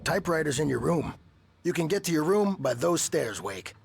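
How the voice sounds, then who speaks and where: A folksy, gravelly orderly. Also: male voice, on the high side, big pitch swings, normal speed, no echo, full character voice. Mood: easygoing. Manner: casual, folksy. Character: easygoing male orderly at a clinic. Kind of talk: video game dialogue. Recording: background noise.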